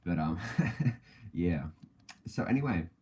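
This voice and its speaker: A man's voice: sits low, expressive, slow pace, warm tone, husky. A man hosting a casual podcast livestream, rambling with many fillers and self-corrections and laughing often between thoughts. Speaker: podcast host.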